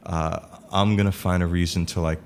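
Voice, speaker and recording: A man chatting casually about improv, talking haltingly with many fillers and restarts. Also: low-pitched, little pitch movement, slight background noise. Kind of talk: casual chat.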